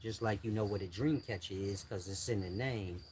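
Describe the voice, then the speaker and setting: An older man lectures his viewers in blunt street slang. His voice sits low. Crickets and insects chirp faintly in the background. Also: moderate pace, darkish tone, a little hiss or hum. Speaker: channel host giving advice. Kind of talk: casual monologue to viewers.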